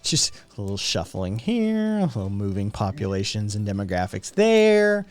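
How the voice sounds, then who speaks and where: A man's voice: on the low side, very animated, moderate pace. A British-born man co-hosting a podcast, rambling and sarcastic in casual chat, swearing heavily. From Britain. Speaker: podcast co-host.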